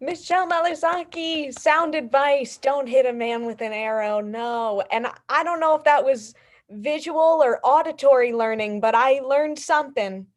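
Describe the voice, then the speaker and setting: High-voiced upbeat woman host. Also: normal speed. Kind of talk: introducing comics.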